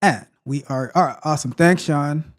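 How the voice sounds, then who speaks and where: A man's voice: fairly high pitch, moderate pace. A man hosting a live tech tutorial stream, chatting casually and greeting viewers in the chat. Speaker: host.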